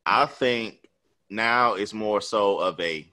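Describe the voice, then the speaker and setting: A man co-hosting a podcast, animated and emphatic, swearing freely in casual chat. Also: fairly low pitch, slow. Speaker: podcast co-host.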